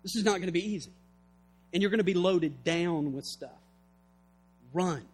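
A man's voice: high voice, normal speed, breathy edge. A man preaching a sermon with fervor, reading scripture and acting out its scenes. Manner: fervent, acts out scripture scenes.

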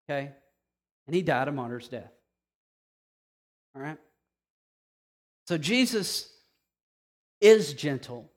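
A man with a notably high voice preaches in an animated, conversational way. He keeps checking in with his listeners by asking "okay?". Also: takes it slowly, pauses often. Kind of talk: sermon.

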